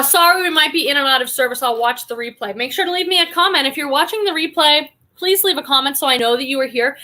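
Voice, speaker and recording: A woman in her forties hosts a reselling livestream, chatting casually and reading viewer comments aloud with effusive enthusiasm. Her voice is high, pushed and bright.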